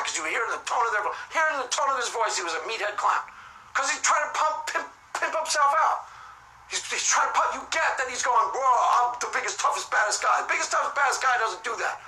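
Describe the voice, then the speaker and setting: A man's voice: very high-pitched, pushed and bright. A man in a casual, rambling vlog monologue who talks emphatically, repeats himself and keeps swearing to God, recorded with poor sound. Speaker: vlogger. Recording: echoey room, faint music.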